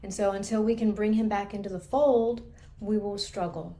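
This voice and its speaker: An earnest woman coach talks through ideas in a live class. She speaks in a steady mid-range voice and explains each point patiently. She keeps a calm teaching manner throughout. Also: medium pitch, moderate pace. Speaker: trauma recovery coach.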